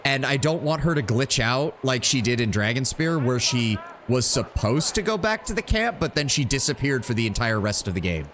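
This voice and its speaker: A man's voice: medium pitch, moderate pace, hardly any pauses, a little hiss or hum. Guy streaming a game, joking around, voice swings up and down a lot. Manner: chatty, animated, joking. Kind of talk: live gameplay commentary.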